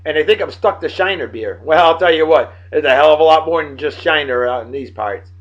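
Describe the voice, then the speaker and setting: Man, late 30s, beer vlog host; boisterous and self-hyping, slightly high voice. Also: animated, a little fast, dull audio. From Martha's Vineyard, Massachusetts. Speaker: host of a beer-of-the-day show. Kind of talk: casual beer-tasting vlog.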